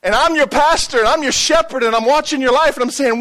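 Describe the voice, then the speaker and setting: A man's voice: extremely high pitch, fast, pushed and bright. A middle-aged pastor preaching a sermon, telling a story and calling out to his congregation for a response.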